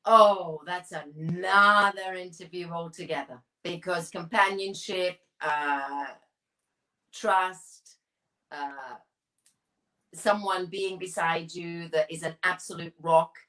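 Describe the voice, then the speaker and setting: An older woman answering a quick run of casual questions as an interview guest, chatty and self-assured. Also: on the low side, fairly even intonation, pushed and bright, low-quality recording.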